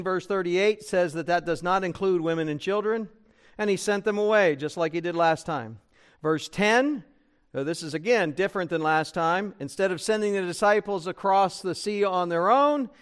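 A man's voice: high-pitched, smooth. A man preaching a sermon as pastor, conversational and full of rhetorical questions to the congregation. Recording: church broadcast recording.

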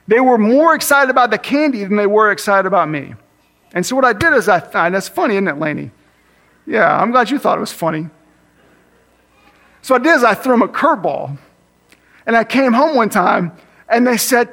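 A man with a fairly high voice preaches a sermon in an earnest, personal tone. He slows down and speeds up to stress his points. He sounds like he is in his thirties. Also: lively intonation, bright, forceful tone. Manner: earnest, varies pace for emphasis, acts out his kids with a higher voice. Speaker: campus minister preaching.

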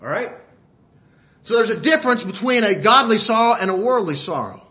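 A man preaching a sermon in a folksy way, asking the listeners rhetorical questions and often clearing his throat. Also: high-pitched, animated, fairly quick, pushed and bright.

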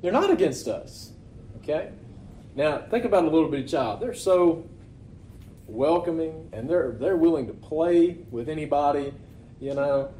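A man's voice: on the high side, moderate pace, mellow, slight background noise. A man preaching a sermon to his congregation in a casual, conversational way, often asking rhetorical questions. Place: church. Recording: echoey room.

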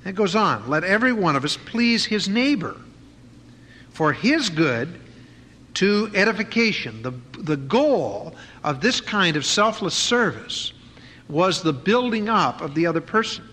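A man's voice: high voice, sing-song, unhurried, bright, forceful tone. A man preaching an expository sermon in a conversational way, with frequent fillers and restarts. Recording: faint noise and long reverb of a hall.

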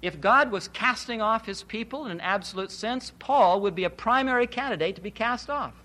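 A man's voice: high voice, brisk, sharp tone. A man preaching an expository Bible sermon, emphatic, posing rhetorical questions and repeating key phrases.

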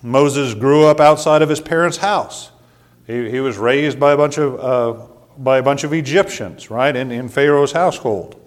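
A pastor preaching a sermon in a folksy, conversational way, often repeating words and adding side remarks. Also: male voice, mid-range voice, moderate pace.

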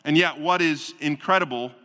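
Man, pastor, sermon, bright slightly high voice, emphatic repetition, long hall reverb. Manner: deliberate, emphatic preaching with repetition and rhetorical questions.

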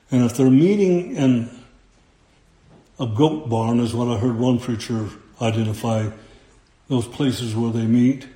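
A man preaching a sermon, slow and deliberate, quoting scripture in old-fashioned phrasing. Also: on the high side, dark tone, roomy sound.

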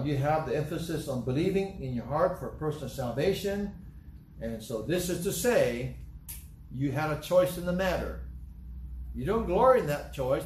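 A man's voice: a little high, a little mellow, slight background noise. A man preaching a sermon, emphatic and repetitive, asking rhetorical questions. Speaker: pastor. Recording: echoey room with faint ambience.

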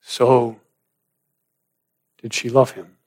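A man preaching a sermon, swinging from loud, rising emphasis down to hushed, almost whispered lines. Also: medium pitch, level tone, extremely slow. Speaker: pastor.

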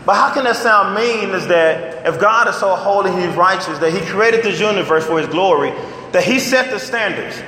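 A middle-aged man preaching in a large hall, his high, sharp voice ringing with a long reverb. He keeps throwing questions at the room and answering them himself, with a faint hum of ambience underneath. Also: moderate pace. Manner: emphatic call-and-answer questions. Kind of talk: sermon.

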